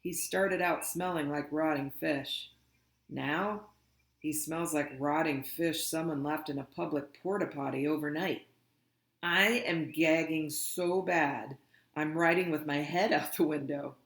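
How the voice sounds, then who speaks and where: A storybook reader takes the chapter slowly and deliberately, letting each line settle. The voice sits mid-range. The room gives it a roomy, echoey ring. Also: medium pitch, fairly even intonation, fairly bright tone. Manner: slow, deliberate read-aloud. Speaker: audiobook reader. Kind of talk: reading a children's novel aloud.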